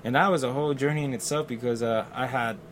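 A man's voice: medium pitch, fast, a little hiss or hum. A man, telling a personal story in casual conversation and acting out the voices of the people in it. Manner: animated, acts out quotes, fillers and restarts.

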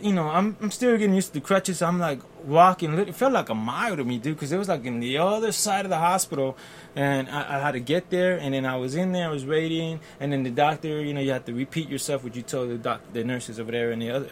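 In casual conversation, a man tells an animated personal story, acting out the voices of the people involved, with fillers and restarts along the way. His voice is on the high side and quick, with a little hiss or hum.

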